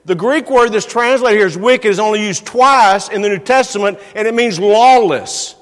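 A man's voice: high voice, animated, normal speed, few pauses, long reverb tail. A man preaching a sermon in a church, earnest and given to repeating words for emphasis.

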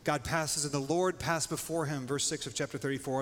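A man's voice: on the high side, steady tone, fairly quick, hardly any pauses, fairly bright tone. A male pastor preaching a sermon in a casual, conversational way, dropping "like" often. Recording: long hall reverb, faint noise.

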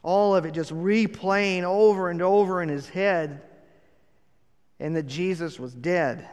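A man preaching a sermon, telling the story earnestly and rising to emphatic points. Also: a little high. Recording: long hall reverb.

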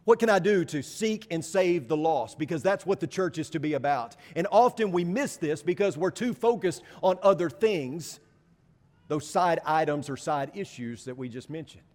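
A man's voice: a little high, lively intonation, moderate pace, a little mellow. Man preaching in an echoing hall. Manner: emphatic, repeating phrases, rhetorical questions. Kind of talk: sermon.

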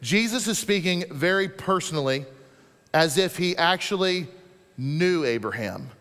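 A man preaching a sermon as pastor, animated, with dramatic rises and drops, reading scripture slowly. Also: sits high, long reverb tail.

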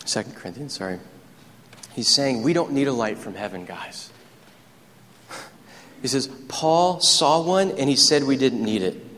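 Excitable preacher in an echoey hall. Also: male voice, medium pitch, measured pace, long pauses, a little hiss or hum. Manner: animated, storytelling preacher who gets excited. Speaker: pastor. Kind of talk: sermon. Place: church sanctuary.

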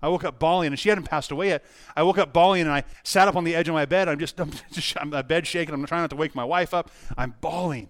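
A middle-aged pastor preaching a sermon, telling a personal story earnestly with frequent restarts. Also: male voice, fairly high pitch, quick pace, no echo.

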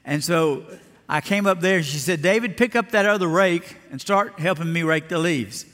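An older pastor from Alabama preaching a sermon with a somewhat high voice. He tells homespun stories and acts out the voices in them, and a long reverb trails his words through the sanctuary. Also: normal speed, fairly bright tone. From Lower Alabama. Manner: folksy storytelling, acting out voices in stories.

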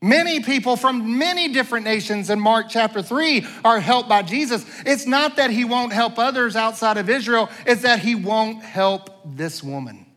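A man preaching a sermon as pastor, animated, moving between loud pleading and quiet asides, with self-deprecating humor. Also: extremely high pitch, moderate pace, few pauses. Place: church sanctuary. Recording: long church reverb.

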